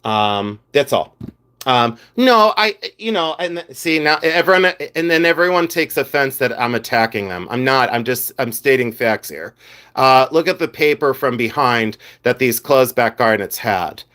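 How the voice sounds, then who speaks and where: A man's voice: medium pitch, lively intonation, measured pace, pushed and bright, smooth. Middle-aged male reseller, mid-range voice, frank and fed-up, filler-heavy casual livestream talk. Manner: blunt and exasperated, with frequent "uh" fillers. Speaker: vintage jewelry reseller hosting a livestream.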